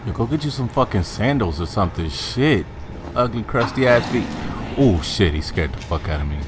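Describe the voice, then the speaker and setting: A young man playing a horror game, swearing, talking to the character he controls and yelling high when scared. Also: expressive, normal speed, background noise. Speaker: gamer. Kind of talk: horror game let's play commentary.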